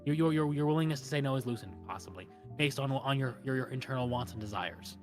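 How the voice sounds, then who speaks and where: A man's voice: mid-range voice, fast talker, faint music behind. A man in casual stream chat, rambling and repeating words as he thinks aloud.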